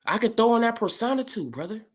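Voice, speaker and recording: Animated, profane woman ranting. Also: on the high side, quick pace, breathy edge. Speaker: sports commentary vlogger. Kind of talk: ranting commentary vlog.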